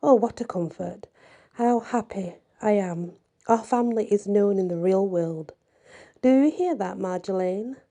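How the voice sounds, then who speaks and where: A woman voicing an emotional young lady who used to be a cat, talking in a fussy and excitable way. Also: mid-range voice, measured pace, close to an everyday voice. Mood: proud. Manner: tearful, then proud and excited.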